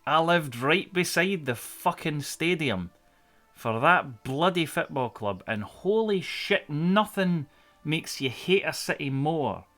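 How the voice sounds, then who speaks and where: A man's voice: on the high side, animated, slow, a bit bright, faint music behind. A man in his thirties with a Scottish accent from the central belt, telling rambling, sweary stories in casual chat on a live stream. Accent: Scottish, central belt between Glasgow and Edinburgh. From Scotland.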